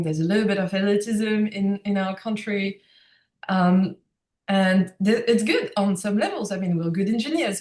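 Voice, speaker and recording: Woman, young adult, animated storyteller, mid pitch, roomy echo. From France. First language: French. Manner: animated, reflective, laughs often. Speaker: guest. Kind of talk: casual conversational storytelling.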